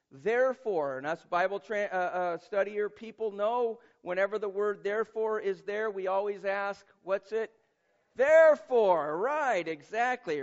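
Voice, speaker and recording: A man preaching a sermon as pastor, talking in a conversational, emphatic way and asking the listeners rhetorical questions. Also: sits high. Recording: muffled lo-fi sermon recording.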